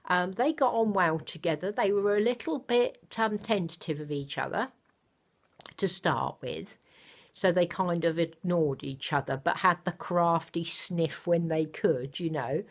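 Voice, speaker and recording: An older woman chatting casually to her camera at home, rambling gently with many fillers. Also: on the low side, unhurried. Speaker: vlogger. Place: home, indoors.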